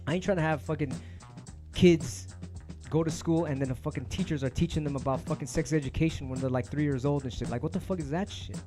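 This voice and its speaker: A man's voice: fairly high pitch, fast talker, darkish tone, soft background music. A man hosting his own stream, ranting casually to viewers in heated, profanity-laced street slang. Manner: emphatic, heated. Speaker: DJ and stream host.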